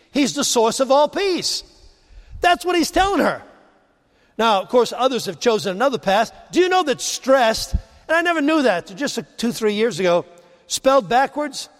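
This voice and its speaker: A man preaching a sermon, rising to emphasize points and dropping low and quiet on key phrases. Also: in a large hall.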